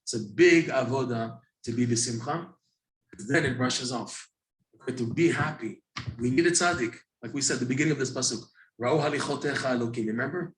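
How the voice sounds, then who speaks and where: Animated man teaching a Torah class. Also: medium pitch, brisk, reverberant, low-quality recording. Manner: animated, storytelling with acted-out asides. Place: classroom with a few listeners.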